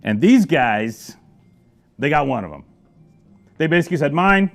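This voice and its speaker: A middle-aged man talks through a wine in a loose, chatty way. He jokes, exclaims loudly at times, and swings his pitch and volume for emphasis. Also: lively intonation, normal speed, gravelly, faint music behind. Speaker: wine shop presenter. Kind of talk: casual wine review to camera.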